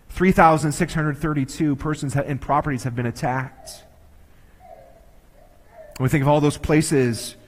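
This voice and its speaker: A man preaching a sermon, earnest and measured, slowing down to stress key phrases. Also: medium pitch. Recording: long reverb of a large hall.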